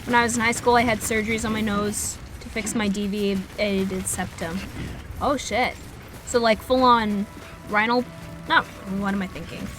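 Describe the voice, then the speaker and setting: A woman's voice: mid-range voice, fairly even intonation, unhurried, over music. A woman in her twenties, a streamer, telling a story in a rambling, casual way, swearing freely and laughing at herself. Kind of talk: casual storytelling while gaming.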